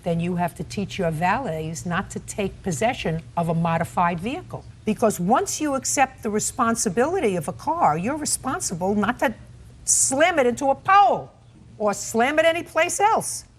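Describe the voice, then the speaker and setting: A woman's voice: medium pitch, animated, normal speed, breathy edge. A woman presiding as a television courtroom judge, stern and interrupting, mocking what others said with sarcasm.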